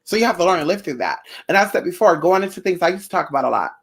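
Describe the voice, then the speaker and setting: A woman vlogger talking straight to her viewers about her own life, blunt and animated. She swears freely and keeps calling her listeners y'all, girl and honey. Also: fairly low pitch, rapid-fire, creaky, slightly rough. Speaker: spiritual vlogger. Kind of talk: casual personal storytelling to viewers.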